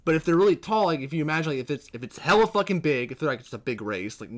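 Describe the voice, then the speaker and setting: A young man co-hosting a casual podcast, rambling and swearing freely as he pitches ideas. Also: racing. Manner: profane, rambling, animated. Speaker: co-host.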